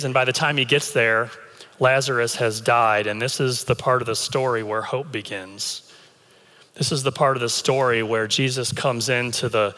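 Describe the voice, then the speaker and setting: A man's voice: medium pitch, pushed and bright. A male pastor giving an earnest sermon, reading scripture aloud and explaining it. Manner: earnest, reads scripture aloud between remarks. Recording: long hall reverb.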